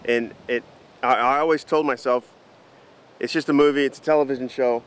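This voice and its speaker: A man telling a story to the camera in an animated, chatty vlog. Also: medium pitch, a little fast, clear, resonant tone. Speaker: vlogger.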